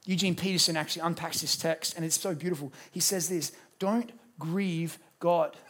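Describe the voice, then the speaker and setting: A man's voice: on the high side, fairly even intonation, fast talker, pushed and bright, husky. A man preaching a sermon as pastor, acting out little dialogues as he goes.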